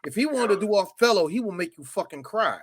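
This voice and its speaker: A man co-hosting a casual movie podcast, loud and joking, often breaking into impressions and shouts. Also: high voice, sing-song, fast, a little hiss or hum. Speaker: podcast co-host. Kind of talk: casual movie-review chat.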